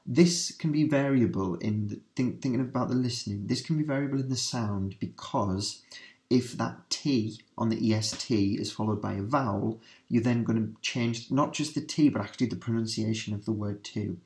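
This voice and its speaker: A male teacher giving a revision lesson, repeating key words for emphasis and slowing down for French examples. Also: mid-range voice, a little mellow.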